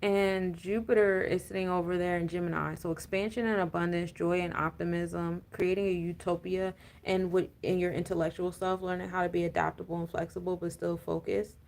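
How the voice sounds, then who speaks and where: A woman's voice: fairly low pitch, level tone, brisk, vocal fry, few pauses, darkish tone. A woman giving a casual, rambling astrology and tarot talk, full of fillers and laughing rants. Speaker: spiritual coach and tarot reader.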